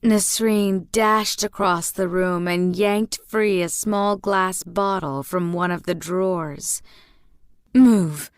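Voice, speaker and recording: Slow, low-voiced woman reading a story. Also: fairly even intonation, clean tone, dry recording, studio quality. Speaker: audiobook reader. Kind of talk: storybook narration.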